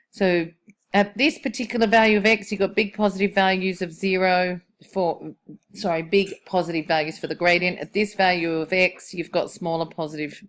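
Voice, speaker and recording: A woman teaches a maths lesson in a relaxed classroom manner. She thinks aloud as she works and keeps turning questions back to her students. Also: on the low side. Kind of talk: classroom lesson on curve sketching.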